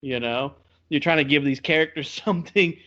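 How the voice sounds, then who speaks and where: Man, podcast co-host; chatty and animated in casual game talk; slightly muffled lo-fi sound. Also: fairly high pitch, moderate pace. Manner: chatty, animated storytelling with laughs. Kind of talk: casual game review chat. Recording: slightly dull lo-fi audio.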